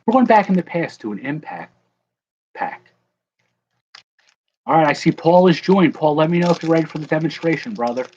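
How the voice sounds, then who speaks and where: A man's voice: on the high side, big pitch swings, brisk, pauses often, a little mellow, husky, muffled recording. A young man casually chatting with viewers on a livestream while he opens card packs, joking and calling out people in the chat by name. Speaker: card breaker livestream host.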